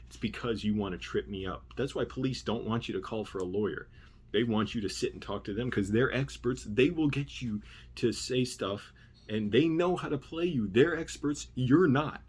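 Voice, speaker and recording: A man with a low, husky voice rants about an old job in a casual storytime manner. He is indignant and swears freely, often breaking off into asides. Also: brisk. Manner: indignant and profane, trailing off into asides. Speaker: vlogger.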